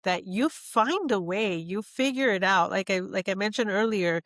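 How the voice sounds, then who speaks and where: A woman hosts a podcast and reflects warmly on her guest, talking in a relaxed, conversational way. She laughs easily between her points. Her voice is close and dry. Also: medium pitch, moderate pace, no echo. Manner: reflective, laughs often, sums up the guest's traits. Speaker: podcast host. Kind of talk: casual interview conversation.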